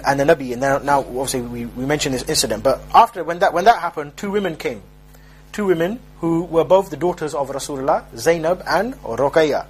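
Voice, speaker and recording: A man's voice: fairly high pitch, slightly rough. A young man giving an informal religious talk, telling jokey street stories and mimicking the people in them. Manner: joking, streetwise storytelling with mock voices. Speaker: preacher.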